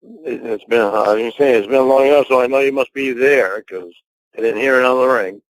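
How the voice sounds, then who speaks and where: A man, the host, in a loud, profane, confrontational argument. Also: mid-range voice, moderate pace, no room sound, poor audio. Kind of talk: heated argument.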